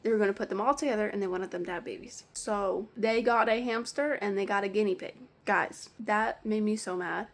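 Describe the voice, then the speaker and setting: A woman vlogger rants through a storytime, piling on "like" as she goes. Her voice sits at an ordinary pitch with plenty of gravelly fry underneath. The delivery stays casual and animated, as if telling friends. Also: fairly quick, few pauses. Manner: animated, heavy use of "like". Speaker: vlogger telling work stories. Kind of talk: storytime rant.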